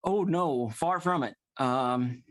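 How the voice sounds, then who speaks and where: A man's voice: mid-range voice, takes it slowly, no room sound. A man performing an improvised comedy scene, hesitant and full of fillers. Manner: hesitant, many ums and uhs. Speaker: improv player.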